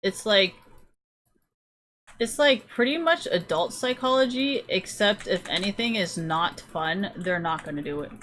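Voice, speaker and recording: A young adult woman livestreaming a casual rant, blunt and profane, full of fillers, acting out the people she quotes. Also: medium pitch. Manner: animated, acts out quoted kids and parents. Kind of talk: casual ranting chat.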